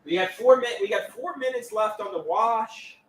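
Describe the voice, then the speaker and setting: Guy rambling on a home livestream, kinda high voice, lots of stammers, roomy sound from across the room. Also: normal speed, fairly bright tone, a little hiss or hum. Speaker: live streamer. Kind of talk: casual livestream chat. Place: at home, doing laundry. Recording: roomy, from a distance.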